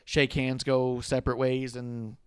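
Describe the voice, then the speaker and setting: A man co-hosting a casual podcast, animated and swearing freely, often acting out what other people said. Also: medium pitch, measured pace, smooth, no echo, studio quality. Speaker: podcast co-host. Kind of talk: casual chat.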